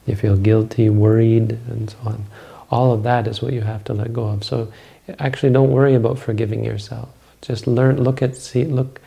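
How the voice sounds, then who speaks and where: A man teaching meditation, answering questions in a calm, measured, explanatory way. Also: on the low side, gravelly, slightly rough.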